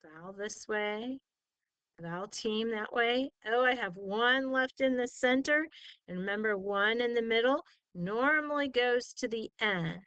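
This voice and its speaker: Slow, patient woman teaching spelling. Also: fairly high pitch, fairly bright tone, clear, resonant tone, dry recording, muffled recording. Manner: encouraging, sounds words out syllable by syllable. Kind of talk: slow, patient tutoring lesson.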